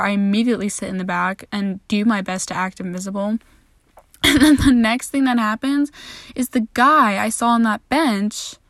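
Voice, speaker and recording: A woman's voice: mid-range voice, no room sound. Candid young woman, dry close voice. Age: young adult. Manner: candid, self-deprecating, sweary, animated quoting. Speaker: podcast host. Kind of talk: casual storytelling monologue.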